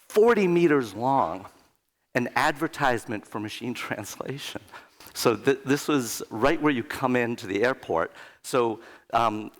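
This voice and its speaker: A man's voice: mid-range voice, a bit bright. Chatty man with a cold, echoey hall. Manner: chatty, joking asides. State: has a cold. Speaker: conference speaker. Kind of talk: conference presentation. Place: conference hall.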